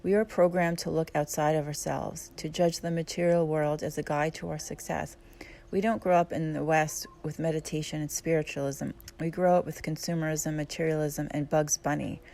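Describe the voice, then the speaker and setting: Low gravelly woman narrating reflectively. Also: normal speed. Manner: calm, reflective, candid. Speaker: author and yoga teacher. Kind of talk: audiobook narration.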